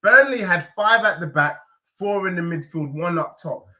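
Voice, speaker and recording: A man talks through a live football reaction stream, animated and emphatic. His voice sits high and sounds bright and forceful. He leans on slang and hits his points hard. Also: normal speed. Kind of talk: casual live reaction chat.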